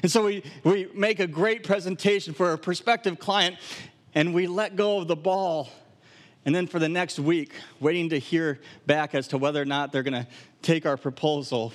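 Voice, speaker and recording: A middle-aged man from Wisconsin preaching a sermon in an animated, humorous way, with acted asides. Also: on the high side. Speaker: pastor. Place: camp gathering hall.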